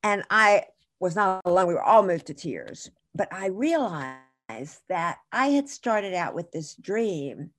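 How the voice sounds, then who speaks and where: A woman's voice: on the low side, expressive, slow. A woman guest in an interview, telling a long story in a chatty, digressive way and correcting herself as she goes.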